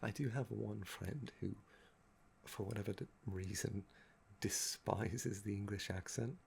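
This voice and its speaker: A young man with a gravelly, fry-laden voice, talking in a soft-spoken ASMR chat that meanders and trails off. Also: fairly low pitch, steady tone, a little slow, a little hiss or hum. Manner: meandering and musing, often trailing off with "um". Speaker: ASMR channel host.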